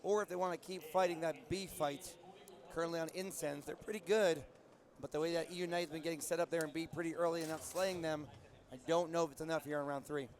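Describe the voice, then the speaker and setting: A man giving energetic play-by-play on a live esports match, rising in pitch as the action peaks. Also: quick pace. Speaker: esports commentator. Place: live esports arena with a loud crowd. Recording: loud crowd behind the voice.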